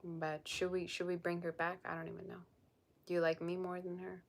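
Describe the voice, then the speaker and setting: A woman's voice: on the low side, monotone, fairly quick, gravelly, a little hiss or hum. A woman tarot reader chatting on a live stream, blunt and sassy as she reads and answers viewer comments. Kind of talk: casual live-stream chat.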